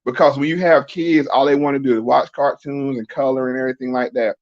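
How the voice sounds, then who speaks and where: A man's voice: medium pitch, fairly even intonation, a little fast. A middle-aged man in a casual podcast conversation, explaining emphatically and often asking rhetorical questions. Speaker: podcast guest. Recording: dull lo-fi sound.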